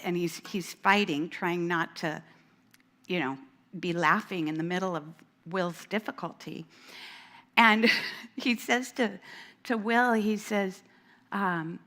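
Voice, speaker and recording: A woman who worked as a school administrator, telling a lively story at a church event and voicing the people in it, including a small child. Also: mid-range voice. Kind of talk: storytelling talk at a women's event. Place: church hall.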